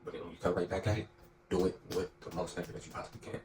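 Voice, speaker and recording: Deep-voiced man giving a fast motivational talk. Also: fairly even intonation, noisy background. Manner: slangy, emphatic, repeats phrases. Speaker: motivational speaker. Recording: echoey room, distant mic, music behind.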